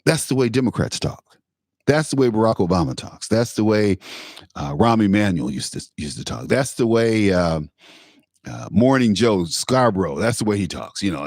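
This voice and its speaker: A male talk show host from Michigan delivering an opinion monologue, sarcastic and animated, often laughing at his own points. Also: fairly low pitch, normal speed, no room sound, clean studio sound. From Pontiac, Michigan, USA.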